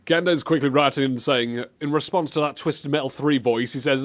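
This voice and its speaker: A British man hosting a comedic chat show, animated and sarcastic. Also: mid-range voice. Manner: animated, sarcastic, quick jokes. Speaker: host.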